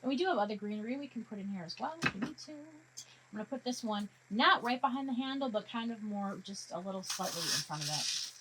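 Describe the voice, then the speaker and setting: A woman's voice: medium pitch, animated, quick pace, very noisy. A woman hosting a live craft tutorial, chatting her way through each step and joking with her materials. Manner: jokey self-talk to her materials.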